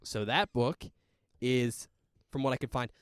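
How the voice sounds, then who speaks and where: A man in casual conversation as a podcast co-host, quick to laugh and animated as he goes. His voice sits at an ordinary pitch. The sound is dry and close. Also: clear, resonant tone, no room sound. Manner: chatty, animated, laughs often. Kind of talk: casual movie chat.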